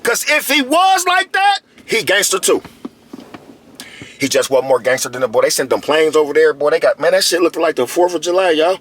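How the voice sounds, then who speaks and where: A man talks into the camera in a loose, slang-filled monologue, circling back to the same phrases again and again. His voice sits on the higher side and leaps around, animated from line to line. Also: a little fast, slight background noise. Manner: animated, slangy, repeats himself and calls to viewers. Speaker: video commentator. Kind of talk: casual commentary monologue.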